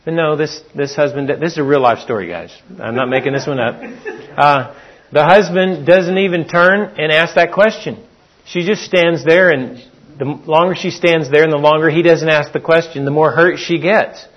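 A man's voice: fairly high pitch, moderate pace, dull audio. A man preaching a sermon in a folksy, storytelling way. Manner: folksy storytelling, acts out quotes.

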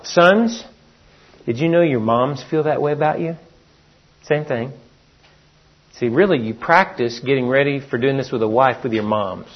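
A man's voice: mid-range voice, husky, lo-fi sound. A man preaching a sermon in a folksy, storytelling way. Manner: folksy storytelling, acts out quotes.

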